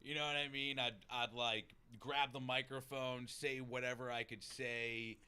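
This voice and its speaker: Smooth and unhurried at a medium pitch, this Boston-accented man chats casually on a podcast about his recovery. He's animated, curses without holding back, and performs the lines other people said.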